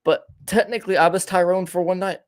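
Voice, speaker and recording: A man's voice: sits high, fairly even intonation, fast, no room sound, clean studio sound. A young man hosting a casual podcast, rambling and stammering through a long story, repeating words as he goes. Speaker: podcast host.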